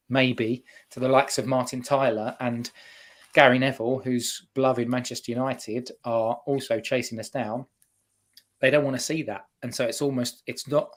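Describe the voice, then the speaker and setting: Guy rambling casually about football on a podcast, corrects himself a lot. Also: mid-range voice. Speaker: podcast co-host.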